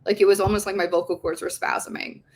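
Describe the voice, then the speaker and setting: Speaking fast at a medium pitch, a twenty-something woman shares her story as a guest on a podcast. She's chatty and animated, leans heavily on "like," and swears often.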